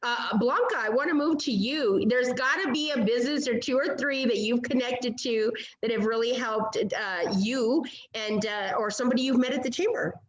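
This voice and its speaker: A woman's voice: on the high side, moderate pace, few pauses, echoey room, lo-fi sound. A woman moderating a chamber of commerce webinar panel over a video call, upbeat and encouraging, with many fillers.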